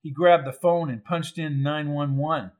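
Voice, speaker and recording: A man reading a crime novel aloud in even, measured scripted narration. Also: fairly high pitch. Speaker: audiobook narrator.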